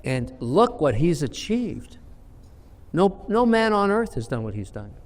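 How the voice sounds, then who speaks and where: A man's voice: fairly high pitch, very animated, measured pace, in a large hall. A man in his sixties telling blunt, emphatic anecdotes as an investor guest in an interview. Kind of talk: storytelling interview answer.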